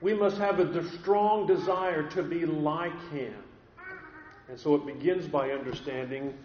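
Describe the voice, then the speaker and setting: High-voiced man preaching in an echoey hall. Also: slight background noise. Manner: earnest, deliberate, often repeats words as he restarts. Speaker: pastor. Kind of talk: sermon. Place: church sanctuary with a congregation. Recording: dull echoey recording in a large hall.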